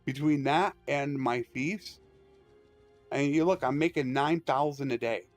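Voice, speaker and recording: A man's voice: medium pitch, measured pace. A man streaming a strategy game, explaining tactics and ranting with strong opinions in loose, rambling commentary. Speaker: gaming streamer. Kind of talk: casual live-stream commentary. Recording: dry close mic with faint music.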